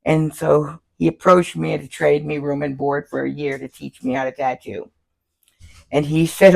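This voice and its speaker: An older woman from Florida, a tattoo artist telling lively stories in an interview, laughing often and acting out the people she quotes. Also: low-pitched, unhurried, vocal fry. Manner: animated, laughs often, acts out quoted voices. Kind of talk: casual storytelling interview.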